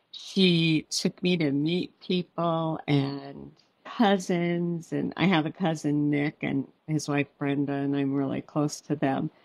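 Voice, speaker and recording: A woman's voice: sits low, no room sound. A woman guest author on a podcast, telling heartfelt personal stories and acting out what family members said. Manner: warm, heartfelt storytelling with quoted dialogue. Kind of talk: podcast interview storytelling.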